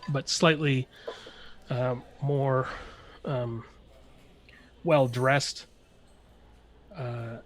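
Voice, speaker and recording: A man narrating as game master, describing scenes while searching for words. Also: mid-range voice.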